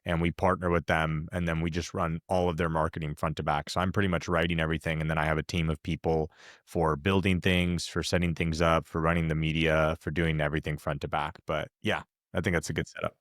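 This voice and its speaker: A man's voice: rumbling low, little pitch movement, fast, a bit bright, no room sound, clean studio sound. A man talking as a podcast guest, laid-back and confident, with slangy storytelling. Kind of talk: casual podcast conversation.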